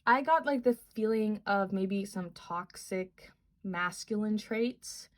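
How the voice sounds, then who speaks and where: A young woman with a mid-range voice speaks slowly while giving a casual tarot reading. She's chatty and earnest, rambling with lots of fillers.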